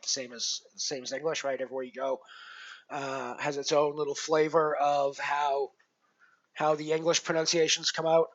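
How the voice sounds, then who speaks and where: A man's voice: mid-range voice, vocal fry, bright, forceful tone, dull audio. A man hosting a poker live stream in casual chat, rambling with many fillers and restarts and poking fun at himself. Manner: self-deprecating.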